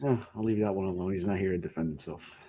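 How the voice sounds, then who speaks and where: A man's voice: low voice, fast, mellow, a little hiss or hum. A man on a podcast panel, chatting casually and tossing in wisecracks. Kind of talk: casual chat.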